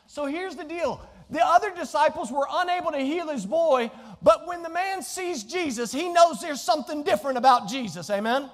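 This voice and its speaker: A male pastor preaching in a church sanctuary, his voice sitting unusually high for a man. He calls out questions to the congregation as he retells the scripture story. The sound rings with a long reverb from the hall. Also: animated, moderate pace, hardly any pauses. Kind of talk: sermon.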